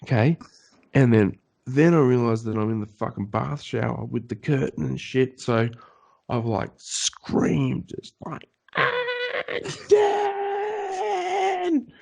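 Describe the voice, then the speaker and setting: A man's voice: medium pitch, a little slow, vocal fry. A man, co-hosting a podcast, telling a story in casual chat and swearing a lot as he acts out the voices of the people in it. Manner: animated, swearing often, acts out voices in his stories. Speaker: podcast co-host.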